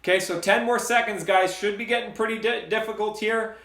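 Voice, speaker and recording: A man's voice: high voice, steady tone, fairly quick, a bit bright, reverberant. A man leading an indoor cycling workout, counting down intervals and giving encouraging, repetitive cues. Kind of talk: coaching a workout class.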